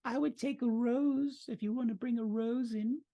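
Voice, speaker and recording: A man voicing an old woman who lives in a cottage, with a sing-song, drawn-out manner. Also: extremely high pitch, steady tone, vocal fry, dark tone, dry recording, voice pushed up. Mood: sweetly inviting.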